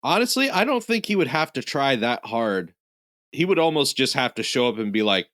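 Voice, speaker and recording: A man co-hosting a comedy podcast in casual chat, telling drawn-out jokes at an unhurried pace. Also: medium pitch, big pitch swings, a bit bright, no room sound, studio quality. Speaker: podcast co-host.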